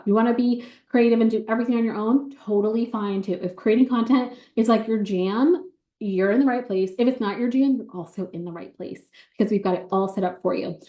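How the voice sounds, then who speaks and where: A woman giving an excited, bubbly sales pitch on a video call, talking fast with many ums. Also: roomy sound.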